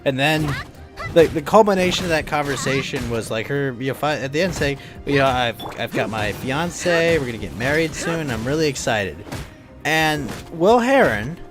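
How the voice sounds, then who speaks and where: A man hosting a podcast in casual chat, rambling and excitable, full of fillers. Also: mid-range voice, normal speed, over music. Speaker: podcast host.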